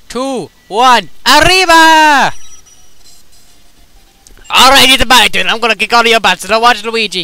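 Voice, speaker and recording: A young man giving loud, teasing commentary while playing a party video game, breaking into sudden shouts. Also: sits high, smooth, poor audio. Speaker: let's play commentator. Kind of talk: excited gameplay commentary.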